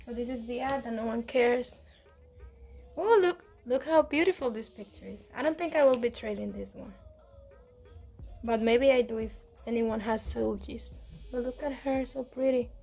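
A woman chatting casually as she unboxes albums, excitable and pleading, laughing often, with faint music behind. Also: on the high side, moderate pace, creaky, slightly rough. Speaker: vlogger.

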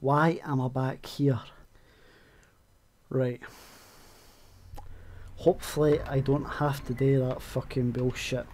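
A man giving excitable gameplay commentary, swearing a lot and yelling at enemies. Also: medium pitch, slow pace, long pauses, a little hiss or hum. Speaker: let's play gamer.

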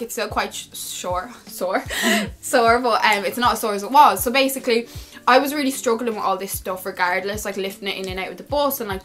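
A woman's voice: mid-range voice, a bit bright. A young woman with an Irish accent, chatting casually while eating and telling a story, with lots of 'like' fillers. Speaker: vlogger and host.

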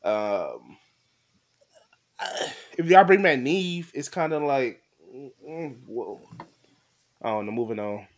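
A man giving blunt, animated opinions in casual podcast chat. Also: mid-range voice, slow pace, pauses often.

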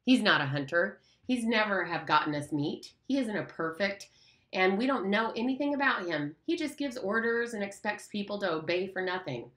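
A woman's voice: medium pitch, expressive, moderate pace, a bit bright, roomy sound, pitched above the performer's own voice, close to an everyday voice. A woman voicing a proud, hot-tempered boy who leads the hunters, bossy and defiant in an audiobook reading. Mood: scornful.

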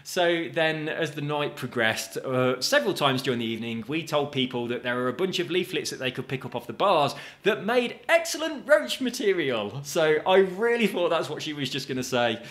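A man's voice: mid-range voice, brisk, few pauses, a bit bright. A man giving chatty, jokey let's-play commentary, with casual swearing and asides to his viewers. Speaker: gaming video host.

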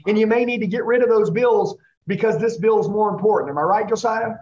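Intense high-voiced male sales coach. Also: fast, darkish tone, muffled recording. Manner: intense, coaching, repeats the listener's name. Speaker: sales trainer. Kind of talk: live sales training role-play.

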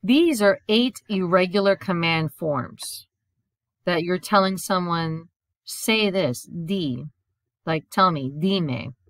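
A woman's voice: lowish voice, takes it slowly, dry recording. A woman teaching a recorded language grammar lesson. She explains step by step, repeats a memory rhyme and often checks in with "right?". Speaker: Spanish teacher.

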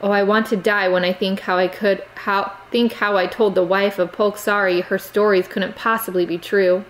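A woman's voice: medium pitch, level tone, moderate pace, close to an everyday voice, low-quality recording. A woman reading aloud, voicing a stern, reproachful middle-aged aunt who lectures her niece. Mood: scolding.

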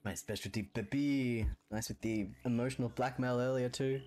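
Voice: mid-range voice, fairly even intonation, moderate pace, darkish tone, faint music behind. An Australian streamer chatting casually during a roleplay game stream, laughing often and swearing freely.

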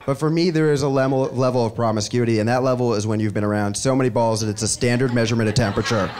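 A man performs stand-up in a live club with a dry storytelling manner. He talks fast in a middle-pitched voice. Audience noise fills the room. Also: steady tone, darkish tone. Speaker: stand-up comedian. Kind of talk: stand-up comedy.

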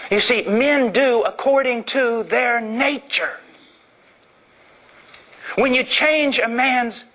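Impassioned high-voiced male preacher. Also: pushed and bright, poor audio. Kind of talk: sermon.

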